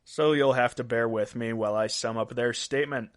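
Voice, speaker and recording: A man hosts a podcast of odd news, talking casually through each story. He breaks into laughs at his own jokes, and his voice sits at an ordinary middle pitch. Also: fairly even intonation, a little fast. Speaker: podcast host.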